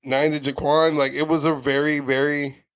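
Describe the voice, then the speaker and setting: A man's voice: on the high side, level tone, normal speed, clean tone. A man co-hosting a podcast in casual chat, telling rambling stories with lots of swearing and restarts. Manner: profane, rambling, storytelling with restarts. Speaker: podcast co-host.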